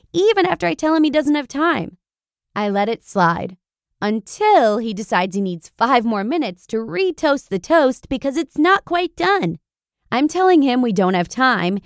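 Lady hosting a podcast, reading a post out loud, lively storyteller voice. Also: mid-range voice, no room sound, studio quality. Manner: expressive, animated storytelling. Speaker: podcast host. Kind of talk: reading a blog post aloud.

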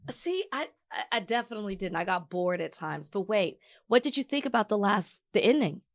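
A woman's voice: medium pitch, very animated, a little fast, no echo, clean studio sound. A woman co-hosting a podcast, talking casually while congested and sick. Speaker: podcast co-host. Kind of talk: casual chat.

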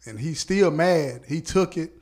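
A man hosting a podcast, telling a story in a casual, animated way, laughing often and checking in with his listeners. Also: a little high, a little slow. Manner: animated, laughs often, peppers speech with "you know what I'm saying". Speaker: podcast host.

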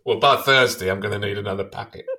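A man's voice: lowish voice, fast, bright, forceful tone, a little hiss or hum. A middle-aged man who is a comedian hosting, chatting casually with wry, dry quips. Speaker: comedian host. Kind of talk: casual chat.

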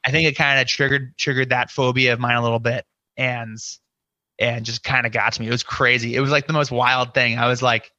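A man's voice: mid-range voice, flat delivery, a little fast, bright, forceful tone, no echo, dull audio. A man guesting on a podcast, telling a story casually with lots of "you know" and acted-out inner quotes. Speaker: podcast guest, scare actor.

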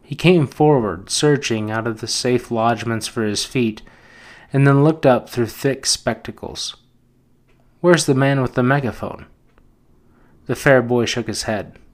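A podcast host, a man with a medium-pitched voice, reads a novel aloud as audiobook narration. His delivery is steady and measured.

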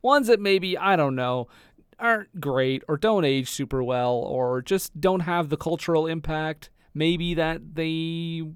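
A man co-hosts a comedy movie podcast, playful and quick with jokes. His voice is smooth, resonant and a little high for a man. The recording is dry and close. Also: dry recording. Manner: playful, quick-witted, joking. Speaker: podcast co-host. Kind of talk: casual comedic podcast banter.

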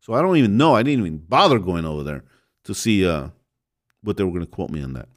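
A man's voice: sits low, expressive, fast. A man hosting a show, telling a rambling everyday story that turns into a sermon, often restarting his sentences and calling listeners "folks". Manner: rambling, self-interrupting, chuckles, addresses listeners as folks. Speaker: podcast host preaching.

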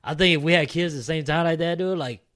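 A young man talking casually with a friend about family, relaxed and full of fillers, with the odd swear word. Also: a little high, fast talker. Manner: laid-back, swears casually, lots of fillers. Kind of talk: casual chat.

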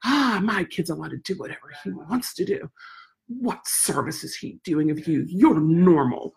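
A woman's voice: lowish voice, lively intonation, normal speed, creaky, darkish tone, breathy edge, heavily acted. A woman putting on the voice of an irate, rude mother who scolds and sneers. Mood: indignant. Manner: indignant, sneering.

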